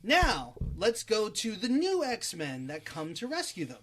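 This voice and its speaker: A high-voiced man holds forth on his movie casting picks, swearing freely and talking with a lot of energy. A faint hiss runs under the recording. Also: measured pace. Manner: animated, profane, opinionated. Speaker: podcast co-host. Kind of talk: casual chat about movies.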